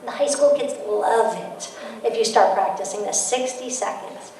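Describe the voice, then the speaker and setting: A woman author giving a parenting talk to an audience, lively and acting out quoted voices. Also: mid-range voice, normal speed, slight background noise. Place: school event room with audience. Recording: echoey room, mic from a distance.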